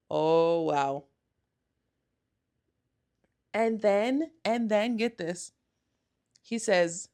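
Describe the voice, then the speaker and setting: A young woman hosting a solo podcast, chatting casually and gushing, rambling with lots of "like" and quick self-corrections. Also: medium pitch, darkish tone. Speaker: podcast host.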